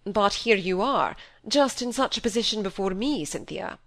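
A woman reading an audiobook, voicing a grave, fatherly older male doctor who speaks slowly and with measured reason. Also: mid-range voice, expressive, a bit bright. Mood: stern. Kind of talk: audiobook character voice.

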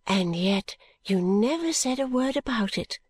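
A woman's voice: medium pitch, lively intonation, a little slow, slightly rough. A woman reading as a bashful young girl in love. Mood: tender. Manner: soft and bashful, often whispery.

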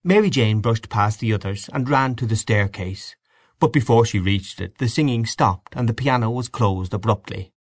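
A man giving a measured, expressive audiobook narration of a story. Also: on the low side, dry recording. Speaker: audiobook reader. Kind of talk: scripted narration.

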